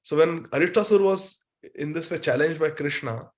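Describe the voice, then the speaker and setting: Man, scripture lecture, chants verses, lively storytelling, slightly high voice. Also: normal speed. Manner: chants Sanskrit verses then explains them, animated storytelling with chuckles. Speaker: spiritual teacher.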